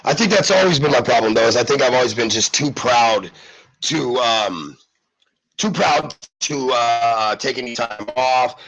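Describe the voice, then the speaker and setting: Sick radio guy, stuffy and husky, rambling shout-outs to listeners. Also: medium pitch, measured pace, rough recording. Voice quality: raspy, gravelly. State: congested, sick voice. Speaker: radio show host. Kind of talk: casual live radio chat.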